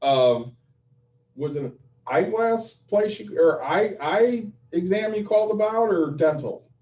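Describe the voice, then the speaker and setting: Male co-host, teasing, fairly high voice, distant and muffled. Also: lively intonation, unhurried, a little mellow. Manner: prompting, teasing. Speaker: podcast co-host. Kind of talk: casual chat. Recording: roomy, distant, dull sound.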